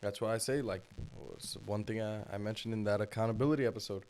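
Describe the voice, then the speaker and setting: A man's voice: on the low side, fairly even intonation, fast, a little mellow. A young man co-hosting a casual podcast, laid-back and agreeable, often answering with short affirmations. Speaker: podcast co-host.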